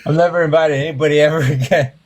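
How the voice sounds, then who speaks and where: A man's voice: fairly high pitch, fairly even intonation, very fast. A young man chatting as a guest on a live stream, making dry offhand remarks. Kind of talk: casual chat.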